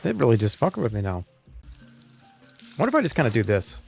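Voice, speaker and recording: Brief: male streamer, gravelly voice, wry rambling chatter to chat, faint music behind. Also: medium pitch, huge pitch swings, brisk. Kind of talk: casual live-stream gameplay chat.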